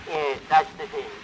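A bumbling bloke on an old comedy record. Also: male voice, fairly high pitch, background noise. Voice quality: hesitant, stammering, deferential speech. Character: bumbling old-time Irish man, timid with his betters, baffled by the telephone. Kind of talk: early comedy record sketch.

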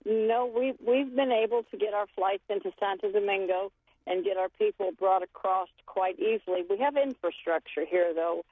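A woman's voice: mid-range voice, normal speed, dry recording. Aid director, woman, phone-in guest; earnest, restarts often, voice wearing thin, tinny line. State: losing her voice. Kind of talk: phone interview. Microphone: cell phone.

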